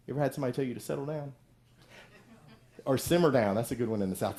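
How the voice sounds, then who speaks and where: A man's voice: medium pitch, racing, long pauses, mellow. A middle-aged male pastor giving a conversational sermon, acting out the voices of people in the story he tells.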